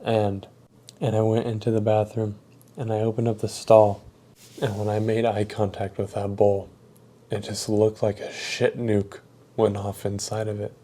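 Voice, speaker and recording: A young man casually retelling a funny work story, animated and slangy, laughing as he goes. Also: fairly low pitch, normal speed.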